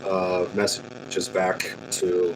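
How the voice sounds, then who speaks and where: Deep-voiced man playing in character. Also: monotone, vocal fry, background noise. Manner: halting, with many fillers. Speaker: player. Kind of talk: in-character tabletop role-play.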